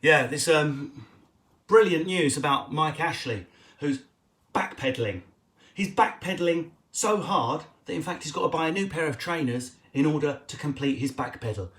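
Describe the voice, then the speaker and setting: A male comedian answering audience questions in a casual, energetic, jokey way. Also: on the high side, normal speed, reverberant. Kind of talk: casual Q&A chat.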